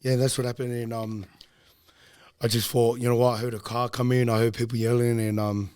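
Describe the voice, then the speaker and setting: A young man, a podcast guest, casually telling a long personal story in a low-key, rambling way with frequent ums. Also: flat delivery, a little fast, darkish tone, clean tone, no room sound, clean studio sound.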